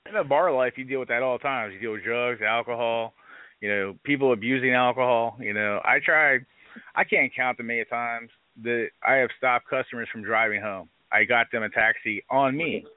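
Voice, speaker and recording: A man's voice: mid-range voice, normal speed, no echo. A man who owns a bar, telling stories in a casual interview, blunt and profane, often quoting others as he goes. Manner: blunt, profane, animated storytelling with acted quotes. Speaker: bar owner interviewed on a live show. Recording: dry, phone-like band-limited sound.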